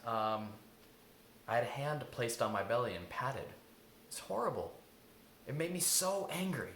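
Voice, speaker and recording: A man's voice: medium pitch, sharp tone, reverberant, slight background noise. A man giving an earnest self-help talk as an intuitive eating coach, repeating key lines for emphasis.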